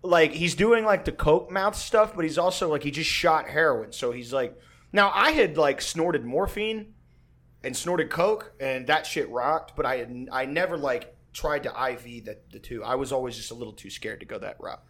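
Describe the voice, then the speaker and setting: A man's voice: fairly high pitch, lively intonation, normal speed, a bit bright. A man telling a rambling, profane story in casual chat, acting out his own quotes along the way.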